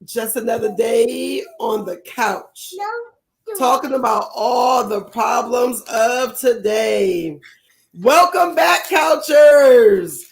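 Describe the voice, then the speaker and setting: Raspy, playful woman co-host. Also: high-pitched. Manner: loud and playful, drawn-out hums. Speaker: podcast co-host. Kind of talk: casual podcast chat with ad read.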